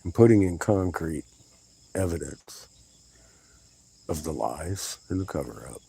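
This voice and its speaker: A man's voice: a bass voice, lively intonation, measured pace, vocal fry, warm tone, breathy edge, low-quality recording. A man giving a rambling vlog monologue outdoors, swearing often and sounding agitated as he exclaims. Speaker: vlogger. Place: outdoors in a yard.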